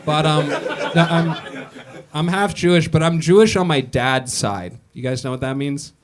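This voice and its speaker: A young American man doing a stand-up set in a comedy club on a boat, wry and deadpan, laughing along with the crowd. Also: on the high side, measured pace. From United States.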